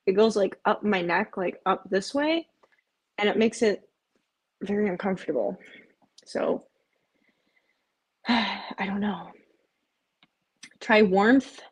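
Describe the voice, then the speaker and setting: A woman's voice: mid-range voice, slightly rough. A woman hosting a casual live stream, chatting and rambling, and often breaking off to coax her cats in a cooing voice.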